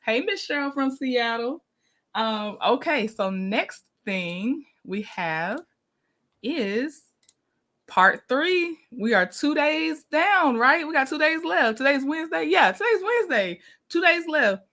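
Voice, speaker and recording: A woman's voice: high voice, lively intonation, slow, a bit bright. A woman hosting a casual livestream, greeting viewers by name and laughing often. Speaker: livestream host.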